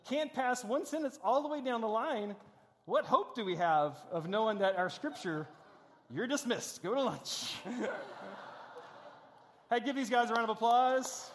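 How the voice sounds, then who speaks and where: Preacher with an echoing hall sound. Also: male voice, extremely high pitch. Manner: conversational, self-deprecating humor, frequent restarts. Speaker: pastor. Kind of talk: sermon with a stage demonstration. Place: large church auditorium. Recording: long hall reverb.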